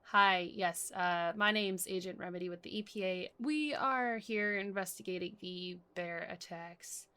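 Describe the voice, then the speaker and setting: Woman player, low-ish voice, polite and hesitant in-character talk. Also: a little slow, few pauses, sharp tone, clear, resonant tone. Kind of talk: casual in-character role-play.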